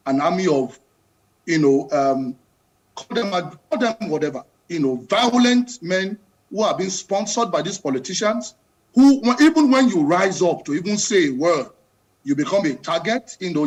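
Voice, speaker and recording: A Nigerian man speaks with a high-pitched voice and fervent, emphatic delivery. He presses his points hard and keeps talking over the host as a live TV guest. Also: low-quality recording. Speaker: studio guest commentator. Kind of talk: impassioned political commentary.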